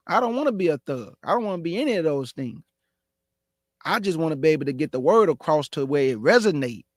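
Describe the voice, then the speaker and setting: Hosting a religious talk show, a man with a Houston, Texas accent speaks with forceful, aggressive passion. His voice sits high for a man, and the recording sounds close and dry.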